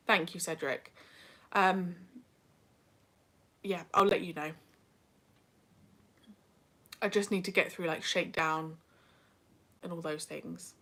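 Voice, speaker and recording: A woman's voice: on the low side, steady tone, slow, long pauses, a bit bright. Young female livestream host, chatty and self-mocking, casual home webcam sound. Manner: chatty, self-deprecating, drifts into whispers. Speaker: livestream host reading chat. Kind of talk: casual live chat.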